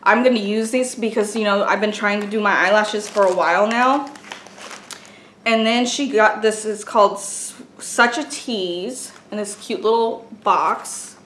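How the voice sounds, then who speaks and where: A woman's voice: medium pitch, measured pace, fairly bright tone. A woman chatting casually as she unboxes gifts for a vlog, gushing and exclaiming over each item. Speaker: beauty and craft vlogger. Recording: echoey room with faint noise.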